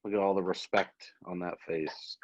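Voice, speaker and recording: A man's voice: sits low, steady tone, normal speed, darkish tone, no echo, highs cut off. A man co-hosting a political talk show, chatty and teasing, egging the host on.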